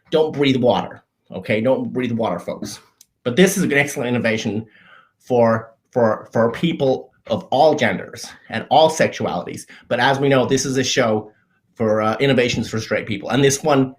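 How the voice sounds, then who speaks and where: A man presents a comedy show with a straight face, treating everyday things as grand inventions. His delivery is faux-earnest and halting, full of restarts and self-corrections, at a middle pitch. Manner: deadpan, faux-earnest explaining of obvious things. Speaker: show host.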